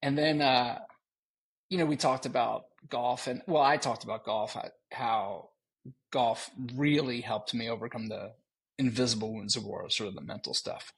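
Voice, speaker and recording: Gravelly, husky-voiced man telling stories. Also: medium pitch, normal speed. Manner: animated, laughing, slips into joking voices. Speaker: podcast co-host. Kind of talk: casual storytelling chat.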